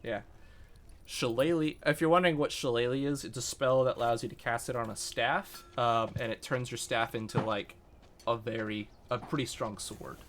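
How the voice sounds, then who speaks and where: A young man narrating as game master of a tabletop game, relaxed and full of ums. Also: mid-range voice, noisy background. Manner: relaxed, many ums, slow when voicing shopkeepers.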